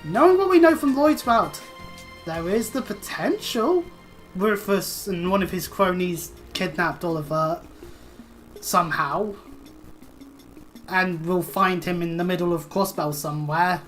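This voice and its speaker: A woman's voice: fairly low pitch, a little slow, faint music behind. A woman streaming a video game, chatting casually, joking and swearing freely as she plays.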